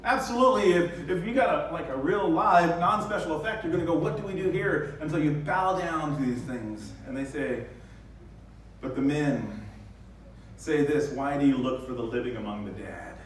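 A male pastor giving a lively sermon, acting out the scenes with sudden high bursts. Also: normal speed, a little hiss or hum. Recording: very echoey church hall, distant mic.

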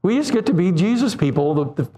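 A man in his seventies preaches an animated sermon, acting out quoted voices and putting questions to the congregation. His voice is high-pitched and he talks fast.

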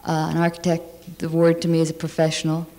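A woman's voice: deep voice, completely flat delivery, fast, dark tone. A woman architect on a discussion panel, stating her views firmly and emphatically. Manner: firm, emphatic statements.

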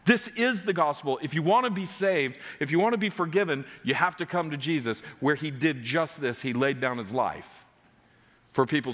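A man's voice: a little high, a bit bright, in a large hall. A man preaching a sermon as pastor, driving home numbered points with rising emphasis. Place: church sanctuary.

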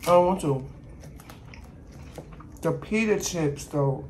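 A woman's voice: sits low, lively intonation, slow, a little mellow, slight background noise. A woman vlogging as she cooks and eats. She chats straight to viewers as "y'all" and brags playfully about her food while she tastes it. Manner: talks while tasting and eating. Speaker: cooking vlogger. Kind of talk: casual cooking and eating vlog.

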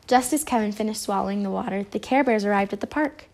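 A woman reading a children's picture book aloud. Her narration is expressive and even. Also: medium pitch, quick pace, hardly any pauses. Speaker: storybook reader.

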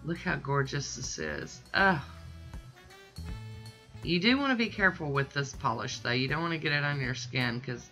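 A woman with a very deep speaking voice and a bright, forward tone walks through a nail art tutorial in casual chat. She gushes freely and pokes fun at herself, with light music underneath. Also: moderate pace. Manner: chatty, gushing, self-deprecating.

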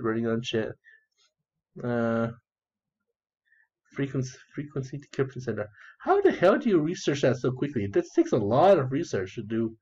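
A man's voice: medium pitch, darkish tone, breathy edge. A man casually talking through his online strategy game, rambling, repeating phrases, swearing and giggling as he goes. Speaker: gamer narrating his play. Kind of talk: casual gameplay commentary. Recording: dull lo-fi sound.

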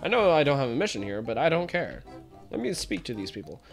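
A woman's voice: a bass voice, very animated, fast talker, faint music behind. Goofy woman narrating her gameplay. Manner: goofy, self-mocking, reacts loudly. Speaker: gaming video creator. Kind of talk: casual let's-play commentary. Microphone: headphones.

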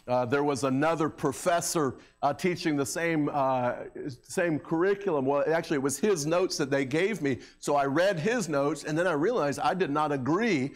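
A man's voice: a little high, moderate pace. A middle-aged male pastor preaching a sermon in a church, talking in a conversational way with filler words and raising his voice when he mocks a crowd. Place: church sanctuary. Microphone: handheld or stand microphone.

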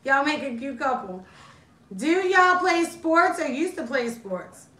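High-pitched laughing woman, off-mic. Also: very animated, unhurried, bright, forceful tone. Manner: laughing, teasing interjections. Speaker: co-host reading chat. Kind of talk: casual livestream chat. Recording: echoey room, distant from mic.

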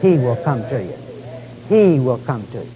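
A man preaching a sermon in a folksy, dramatic way, calling his listeners folks and swinging from exclamations to quiet lines. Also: big pitch swings, moderate pace, a crowd in the background, poor audio. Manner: dramatic preaching, rising to exclamations and dropping low. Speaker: pastor.

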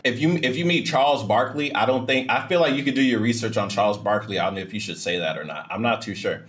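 A man's voice: mid-range voice, fast, a bit bright, soft background music. A man hosting a reaction video, rambling and joking in casual commentary. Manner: joking, rambling, breaks into laughs.

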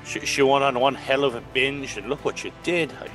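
A man's voice: mid-range voice, fairly even intonation, brisk, fairly bright tone, soft background music, rough recording. A man playing a tabletop game, playful and joking with the group. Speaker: player. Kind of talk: casual tabletop game play.

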